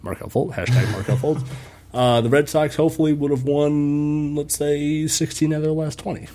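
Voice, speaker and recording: A man's voice: on the high side, steady tone, moderate pace, warm tone. A man hosting a casual sports podcast, chatting loosely with friends, swearing often and laughing between lines. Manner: loose, profane, laughing banter. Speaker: podcast host.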